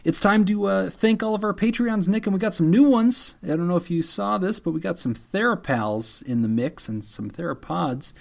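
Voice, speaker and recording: A man co-hosting a casual podcast, joking with deadpan mock apologies and laughing often. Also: high voice, normal speed, creaky, hardly any pauses. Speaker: podcast co-host. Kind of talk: casual chat.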